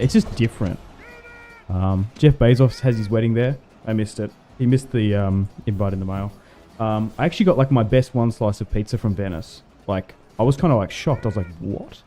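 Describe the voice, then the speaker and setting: Warm-voiced man rambling casually. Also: lowish voice. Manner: rambling, chatty storytelling with fillers and laughs. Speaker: livestream gamer. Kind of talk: casual chat while streaming a strategy game.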